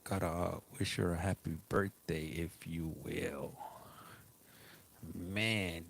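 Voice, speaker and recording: Low-voiced middle-aged man hosting a chatty live stream. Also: big pitch swings, takes it slowly, creaky, a little hiss or hum. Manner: greets viewers by name, chatty, repeats stock phrases. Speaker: livestream host. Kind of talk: casual live-stream chat.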